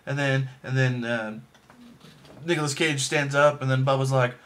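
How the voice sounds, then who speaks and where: A man's voice: mid-range voice, moderate pace, a bit bright. A man casually reviewing a movie, rambling with lots of fillers and restarts and making self-deprecating jokes. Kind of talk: casual chat.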